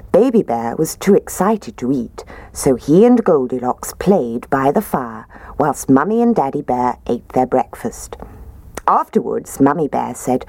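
Expressive woman reading a storybook. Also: extremely low pitch, no room sound. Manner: expressive, gently animated. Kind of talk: storybook read-aloud.

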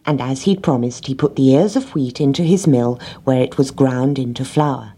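A woman reading a children's storybook aloud, gently, with lively character voices. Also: extremely low pitch, normal speed, breathy edge.

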